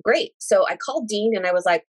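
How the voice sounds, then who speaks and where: Fast-talking woman telling a personal story. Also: mid-range voice, slightly rough. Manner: animated, emotional retelling with frequent quoted dialogue; religious, thankful phrasing. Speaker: guest sharing a personal story. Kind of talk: casual storytelling conversation.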